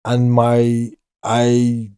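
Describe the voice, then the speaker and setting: A man's voice: medium pitch, monotone, very slow, mellow, smooth, dry recording, studio quality. A middle-aged man, talking casually as an interview guest, rambling and restarting his sentences. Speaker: guest, former prisoner.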